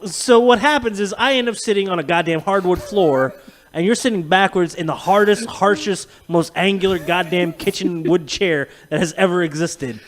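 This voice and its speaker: A man's voice: high-pitched, normal speed. A man co-hosting a podcast, telling rambling, profane stories in casual chat. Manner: profane, rambling, animated storytelling with laughs. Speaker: podcast co-host.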